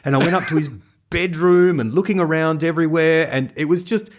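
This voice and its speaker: An Australian man co-hosting a podcast, telling an animated story in casual chat with frequent laughter. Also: fairly high pitch, fairly quick. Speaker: podcast co-host.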